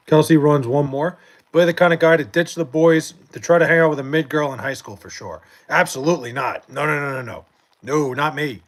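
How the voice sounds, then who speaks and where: Speaking at a moderate pace in a fairly high voice, a young man runs a late-night live stream from home. He reads chat and rambles about sports, cursing freely and stumbling through fillers and restarts.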